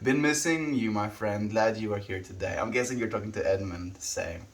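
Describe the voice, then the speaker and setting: A man's voice: fairly low pitch, moderate pace. Friendly man chatting on a stream. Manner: friendly, greets viewers by name, reads chat aloud. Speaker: livestreamer. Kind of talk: casual chat with live viewers.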